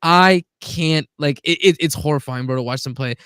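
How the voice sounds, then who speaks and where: A man's voice: a little high, moderate pace, a bit bright, clean tone, no echo, studio quality. A man co-hosting a casual football chat on a video call, blunt and opinionated. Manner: blunt, opinionated, says "bro" a lot. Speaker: podcast co-host.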